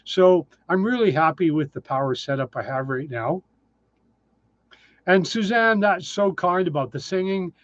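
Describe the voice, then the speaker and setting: A man's voice: high-pitched, animated, measured pace, no echo, highs cut off. A man in his sixties, casually chatting on a livestream and answering viewer comments in a self-deprecating way. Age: 60s. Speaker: livestream host. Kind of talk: casual live chat reading comments.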